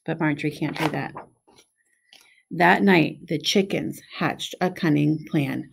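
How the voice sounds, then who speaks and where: Woman, middle-aged, slightly low voice, gravelly, expressive picture book read-aloud. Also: unhurried. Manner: expressive, friendly, pointing out pictures. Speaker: preschool teacher reading aloud.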